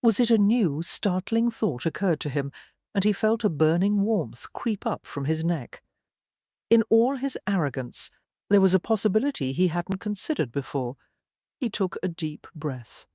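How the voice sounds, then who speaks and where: Woman, audiobook narrator, fairly low voice, expressive dramatic reading, dry close sound. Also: moderate pace, no echo. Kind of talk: scripted narration.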